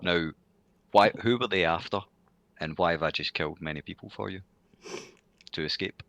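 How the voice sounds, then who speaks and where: A man playing a tabletop role-playing game, speaking haltingly with frequent restarts. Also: deep voice, a bit bright, no room sound. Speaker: player.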